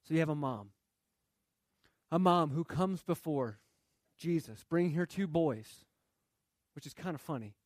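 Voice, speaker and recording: A man's voice: on the high side, measured pace, long pauses, no echo, studio quality. A man preaching a sermon in a conversational way, reading scripture and asking rhetorical questions. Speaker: pastor.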